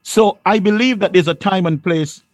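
Insistent high-voiced man host. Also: normal speed, dry recording. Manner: insistent, repeats himself when interrupted. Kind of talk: panel discussion.

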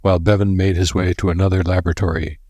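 Steady and measured, a narrator with a deep, husky voice reads a story from a script. The sound is close and dry, with no echo or room sound.

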